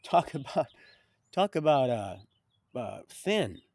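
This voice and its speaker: A man's voice: medium pitch, big pitch swings, slow, darkish tone, no room sound. Rambling male storyteller, dry close voice. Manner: rambling, repeats and restarts words. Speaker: livestream storyteller.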